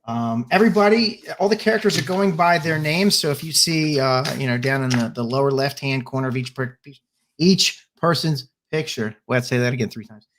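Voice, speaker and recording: A man's voice: medium pitch, a bit bright. A man running a tabletop spy game as game master, narrating a party scene with frequent fillers and restarts. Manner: halting, many fillers and restarts.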